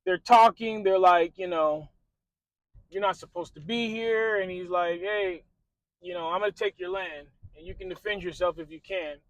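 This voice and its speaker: A man's voice: sits high, moderate pace, dry recording, low-quality recording. A man hosting a motivational video, animatedly retelling a film scene with lots of fillers and acted-out quotes. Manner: animated storyteller, acts out quotes, many fillers.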